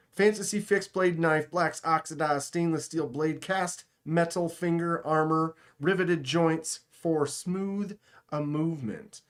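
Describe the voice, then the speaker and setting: A man with a slightly high voice and a slow pace hosts a casual live stream. He talks directly to chat, keeping things joking and sarcastic with his viewers.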